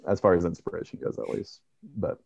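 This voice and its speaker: A man co-hosting a casual discussion, speaking in a measured way with many fillers. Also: low voice, steady tone, vocal fry, darkish tone, no echo. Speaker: podcast co-host. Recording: dull dry lo-fi sound.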